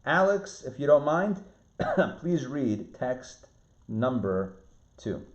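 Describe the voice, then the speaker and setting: Lively rabbi teaching a class online. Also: male voice, mid-range voice, slow pace. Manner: lively, repeats words and restarts, asks the class questions. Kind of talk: online Torah class lecture. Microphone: video call. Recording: roomy, muffled video-call audio.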